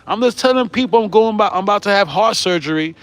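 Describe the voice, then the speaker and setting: A high-voiced man rants at his audience, swearing freely and pushing back at his critics. He keeps tossing in "right?" and breaks off into laughter along the way. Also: expressive, fast talker, a bit bright, no echo. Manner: profane, combative, repeats "right?"; laughs often while ranting. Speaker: YouTube host. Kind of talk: heated vlog rant.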